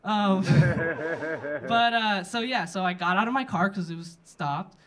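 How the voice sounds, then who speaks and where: A young man doing a stand-up set and hosting, deadpan and self-mocking, then speeding into animated rants. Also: sits high, slow. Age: young adult. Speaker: stand-up comic and host. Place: comedy club stage. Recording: live room with crowd laughter.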